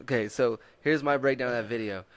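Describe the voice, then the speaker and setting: A man's voice: medium pitch, brisk, slight background noise. A Texan man hosting a casual comedy podcast, rambling and swearing as he breaks down viral videos. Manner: profane, rambling storyteller. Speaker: podcast host.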